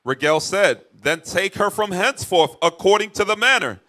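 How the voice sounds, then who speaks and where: A man reading old scripture verses aloud at a steady, plain pace. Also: high voice, moderate pace. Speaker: scripture reader.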